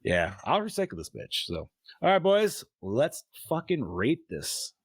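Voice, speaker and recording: A man's voice: mid-range voice, a little slow, husky, no room sound. A young man hosting a casual podcast chat, laid-back and swearing freely as he reviews a film. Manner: laid-back, profane, animated. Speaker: podcast host.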